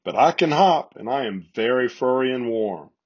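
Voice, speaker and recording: A lonely little storybook bunny, earnest and close to tears, as a man reads him. The voice is husky and pleading. The recording sounds slightly dull and lo-fi. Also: expressive, normal speed. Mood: sad. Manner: tearful, pleading, higher than his narration.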